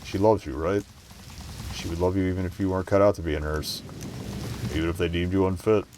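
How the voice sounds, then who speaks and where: A man voicing a gentle friend who speaks softly and reassuringly. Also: sits low, steady tone, a little fast, noisy background, natural voice.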